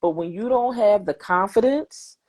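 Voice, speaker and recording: A woman's voice: mid-range voice, normal speed, darkish tone. Emphatic woman podcast host. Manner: emphatic, repeats phrases for effect. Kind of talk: encouraging conversational chat.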